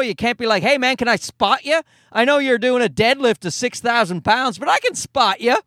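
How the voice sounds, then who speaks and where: Middle-aged Newfoundland comic, nasal and high, rambling self-mocking rant in a dry car. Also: male voice, a bit bright, dry recording. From Canada. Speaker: stand-up comedian and podcast host. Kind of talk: casual rambling monologue. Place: parked car.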